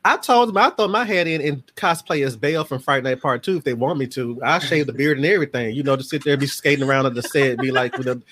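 A man in his forties chats as a guest on a podcast. His voice sits at an ordinary middle pitch, and he tells his stories loosely and playfully. He slips into the voices of the people in them as he goes. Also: fast talker, hardly any pauses. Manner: lively storyteller who acts out family members' voices. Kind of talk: casual chat.

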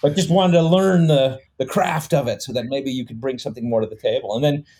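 A man's voice: mid-range voice, brisk, warm tone, slightly rough. Man, casual podcast chat, explanatory, lots of fillers, mid-range voice. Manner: explanatory, filler-heavy with frequent "you know". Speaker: comedy troupe member, co-host.

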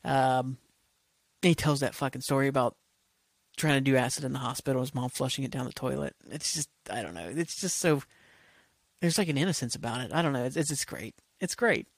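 A man's voice: medium pitch, brisk, vocal fry, dry recording. A man hosting a solo podcast, ranting casually with constant swearing and rambling asides. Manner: profane, rambling, heated. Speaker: podcast host.

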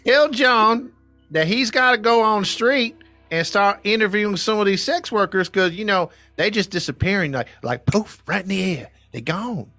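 A man's voice: sits high, normal speed, no echo, faint music behind, pitched above the performer's own voice. A man doing a put-on Southern accent as a drawling, lazy small-town cop giving orders. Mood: urgent. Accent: put-on American Southern. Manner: drawling, slangy, loud.

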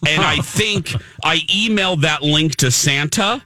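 A man hosting a casual morning radio show, telling an animated story and acting out the voices of the people in it. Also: on the high side, measured pace, no echo, studio quality. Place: radio studio. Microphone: studio microphone.

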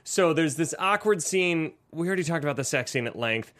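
A man's voice: on the high side, expressive, fairly quick, a bit bright. Laughing, profane young man hosting. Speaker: podcast co-host. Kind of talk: casual movie-review chat.

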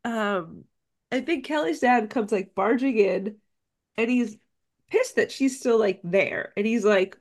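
A woman's voice: fairly high pitch, unhurried, darkish tone. A woman co-hosting a podcast, recapping a film scene by scene in casual, profane chat. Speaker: podcast co-host.

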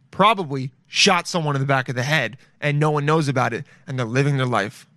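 A man's voice: mid-range voice, fairly quick, pushed and bright, dry recording, studio quality. A young man riffing comedically in a crude, rambling way, swearing and drifting into goofy tangents. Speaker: comedic commentator.

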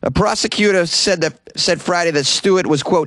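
Man, Boston accent, comedy news podcast host, rambling, joking, fairly high voice, dry closet sound. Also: moderate pace, fairly bright tone, dry recording. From Boston, USA. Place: small closet.

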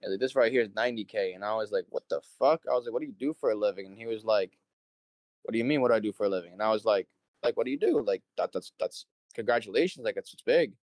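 Young male guest, lowish voice, loose swearing storyteller, dry close mic. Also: racing, darkish tone, no room sound. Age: young adult. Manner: rambling storyteller, swears freely, acts out quotes. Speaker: interview guest, show promoter. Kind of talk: casual conversation.

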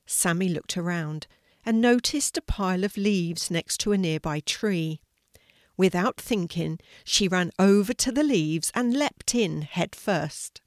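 An older woman telling a children's story aloud, in a gentle, expressive way. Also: on the low side, unhurried, no room sound, clean studio sound.

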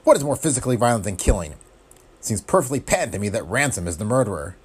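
A man's voice: lowish voice, big pitch swings, fast, breathy edge. A man voicing a haughty, venomous male villain who talks in pompous, sneering, prissy phrases.

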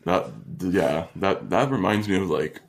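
A man with a fairly low voice riffs casually on a comedy podcast. He is laid-back and drops "like" often as he builds his jokes. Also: unhurried, vocal fry. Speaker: podcast co-host.

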